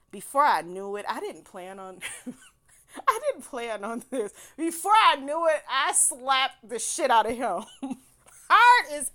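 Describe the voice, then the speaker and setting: Bright-voiced woman telling a candid story. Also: fairly high pitch. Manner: candid, laughs often, swears freely. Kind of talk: casual personal storytelling.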